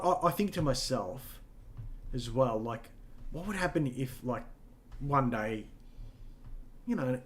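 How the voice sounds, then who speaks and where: A man's voice: mid-range voice, fairly bright tone. A middle-aged man co-hosting a casual chat, rambling with lots of fillers and frequent swearing. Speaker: podcast co-host.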